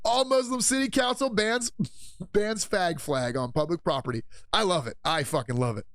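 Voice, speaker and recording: A man's voice: a little high, normal speed, dry recording, clean studio sound. Profane, mocking male livestream host. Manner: profane, mocking, laughs often; energetic, gets excited. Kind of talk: casual political rant on a livestream.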